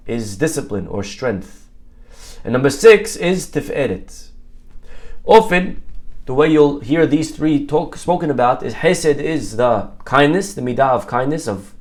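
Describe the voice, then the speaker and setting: A rabbi delivering a sermon in a middle-pitched male voice. He tells stories in a loose, conversational way, breaking off to check details with his listeners. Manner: storytelling, conversational with asides and audience questions.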